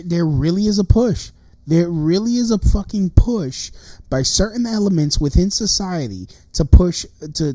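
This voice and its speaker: A man's voice: on the high side, warm tone, no echo. A man in his thirties ranting on a livestream, profane and agitated, often restarting his sentences. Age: 30s. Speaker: livestream host.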